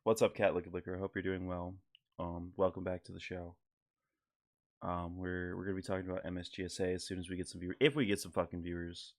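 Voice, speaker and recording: Hosting a live stream, this man talks fast in a flat, low-pitched voice. His chat is loose and full of profanity and filler words.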